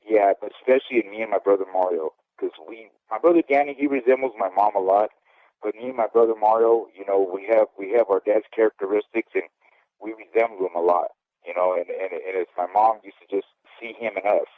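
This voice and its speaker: A former boxer in his fifties tells his life story in an interview, candid and rambling, frequently asking "okay?". His voice is on the low side and steady, fairly quick, and the audio is dry and phone-like with no room sound.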